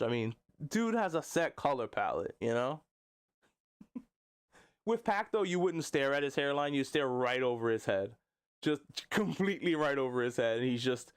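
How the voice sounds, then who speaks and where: A man's voice: a little high, smooth. A man hosting a live stream, talking casually about wrestling with plenty of jokes and laughter. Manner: jokey, laughing often, drops into silly voices. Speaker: wrestling podcast host.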